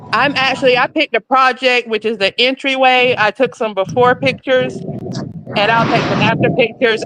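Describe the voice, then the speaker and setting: Out of breath in the summer heat on a school's outdoor grounds, a volunteer phones a live panel with a chatty, apologetic update. Her voice is a little high and fairly bright, and the rough recording carries a slight hiss or hum.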